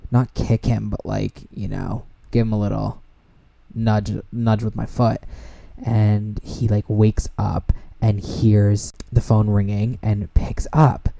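A young man hosting a podcast, telling a story in a casual, animated way, swearing freely and using lots of fillers. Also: on the low side, slow, creaky. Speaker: podcast host.

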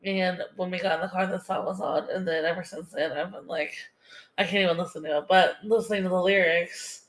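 A woman's voice: on the low side, steady tone, brisk. Emotional woman podcast co-host. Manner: emotional, many fillers like "you know". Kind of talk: casual chat.

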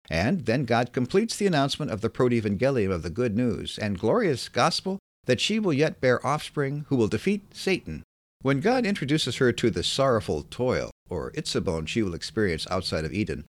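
A man reading a scripted Bible lesson in a measured, emphatic way. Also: medium pitch, no room sound. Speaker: Bible teacher.

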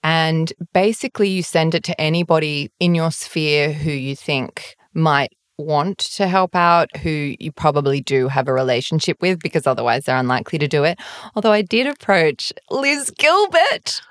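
A woman from Australia, speaking in a low voice as a podcast guest. She tells her stories with animation and acts out the lines of the people in them. The sound is close and dry. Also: normal speed, few pauses, no room sound. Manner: animated storytelling, acting out her own dialogue. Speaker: guest author. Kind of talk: podcast conversation.

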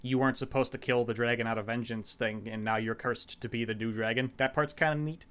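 A man's voice: mid-range voice, clear, resonant tone. Rambling, profane man recapping a show. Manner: rambling, profane, animated retelling with quick quoted voices. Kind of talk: casual chat recapping a show.

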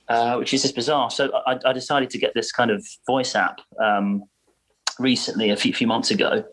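A man's voice: fairly low pitch, fairly bright tone, husky, low-quality recording. A man being interviewed as a guest, speaking casually and hesitantly, with lots of repeated words. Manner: hesitant, many restarts and repeats.

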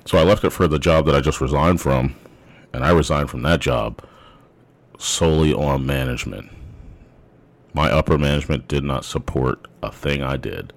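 Very deep-voiced man telling a story. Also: moderate pace, vocal fry. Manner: rambling, frequent restarts. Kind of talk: casual storytelling monologue.

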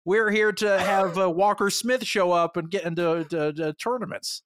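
A man's voice: high-pitched, steady tone, moderate pace, fairly bright tone, no room sound, clean studio sound. A man co-hosting a podcast in casual chat, wry and teasing, dropping laughing asides. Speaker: podcast co-host.

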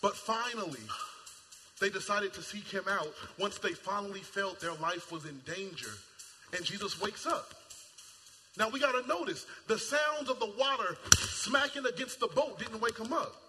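Male preacher, high and sharp-toned, animated and colloquial, sermon in a reverberant hall. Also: moderate pace, soft background music. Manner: animated, acts out voices, shouts at peaks; casual colloquial speech. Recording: long hall reverb, faint ambience.

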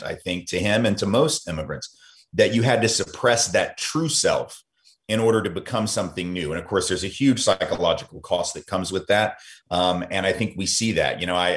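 American man, low voice, earnest guest in a conversation, repeats and fillers. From United States. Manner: acts out quoted voices in higher pitch. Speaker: podcast guest, author and speaker. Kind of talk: conversational interview.

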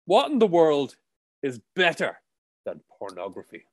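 Jokey Irish man, higher voice. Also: wildly swooping pitch, unhurried. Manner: jokey, laughs often, swears. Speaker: podcast co-host. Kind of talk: casual chat.

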